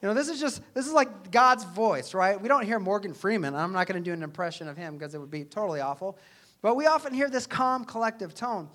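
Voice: mid-range voice, a bit bright. Preacher, casual and sincere delivery, rhetorical questions to the congregation. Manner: conversational, earnest, asks rhetorical questions. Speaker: pastor. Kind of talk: sermon.

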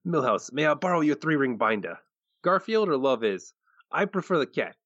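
A man's voice: fairly high pitch, very animated, moderate pace, fairly bright tone, dry recording, highs cut off, voice pushed up. A man putting on a mock mob boss voice. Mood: mock gangster. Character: male mob boss quoted in a put-on gangster voice.

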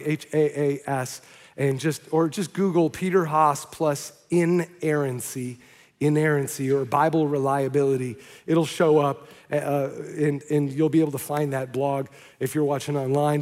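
A man preaching a sermon to his church as pastor, telling stories in an animated way with quick restarts. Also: on the high side. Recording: long hall reverb.

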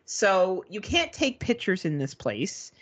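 A woman's voice: mid-range voice, sing-song, slow pace, husky. A woman co-hosting a podcast, telling a story in casual, profane chat and mimicking beeping gadgets. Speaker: podcast co-host.

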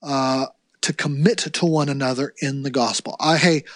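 A man's voice: medium pitch, steady tone, moderate pace, no room sound, clean studio sound. Earnest man explaining in restarts. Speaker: podcast guest, ministry editorial director. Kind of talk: casual podcast conversation.

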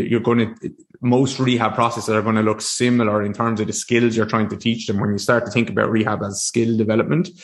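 Man rambling through a solo podcast. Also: lowish voice. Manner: casual, rambling with frequent restarts and fillers. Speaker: podcast host. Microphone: desk mic facing a screen.

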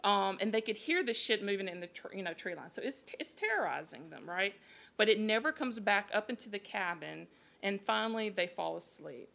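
A woman spins a creepy tale on a live podcast, her telling loose, salty and full of animated quoted voices. She sits at a mid pitch and keeps it conversational. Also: a little fast, vocal fry. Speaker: podcast host. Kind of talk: casual storytelling. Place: live show at a beer garden.

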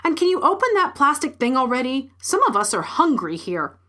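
A woman's voice: sits high, very animated, brisk, bright, forceful tone, heavily acted. A woman voicing a cheeky starling with a warbling voice.

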